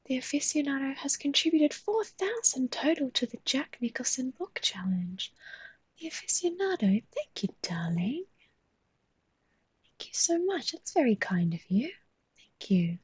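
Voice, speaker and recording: A woman talks in a soft, mostly whispered voice and yawns often as she chats with viewers on a live stream while she draws. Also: high voice, sing-song, unhurried, breathy edge, no room sound.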